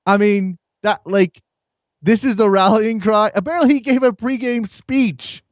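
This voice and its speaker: A man hosts a soccer call-in show in a radio studio, chatting casually in a wry, rambling way and often repeating words. His voice sits high and is a little slow, in a dry recording.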